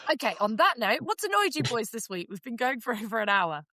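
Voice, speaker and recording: Woman, bright tone, fairly high voice, exasperated ranting, dry close mic. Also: very animated, a little fast, dry recording. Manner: ranty, exasperated, repeats herself for emphasis. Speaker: podcast co-host. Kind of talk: casual chat.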